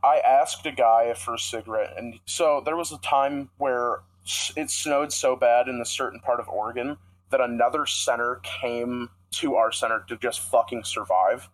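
A man's voice: medium pitch, normal speed, low-quality recording. A young man co-hosting a podcast, telling a rambling, profanity-heavy story in casual chat. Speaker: podcast co-host.

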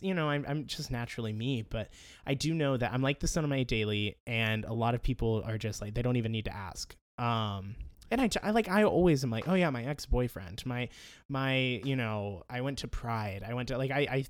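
A man's voice: mid-range voice, moderate pace, no echo, studio quality. A young man co-hosting a podcast, chatting casually and telling funny stories, speaking in a raised head voice and laughing often. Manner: animated storyteller, laughs often. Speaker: podcast co-host. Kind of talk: casual chat.

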